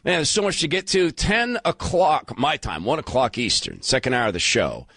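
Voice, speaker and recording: A man around fifty hosting a talk radio show, emphatic and animated, taking calls. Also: medium pitch, normal speed, slightly rough, no room sound. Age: 50s. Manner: animated, emphatic, turns emotional. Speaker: guest radio host. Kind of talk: talk radio monologue and call-in.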